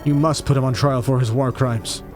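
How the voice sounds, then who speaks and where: A man's voice: mid-range voice, steady tone, normal speed, darkish tone, soft background music, natural voice. A man doing a sly treacherous general. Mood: accusing. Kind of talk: fan audio drama acting.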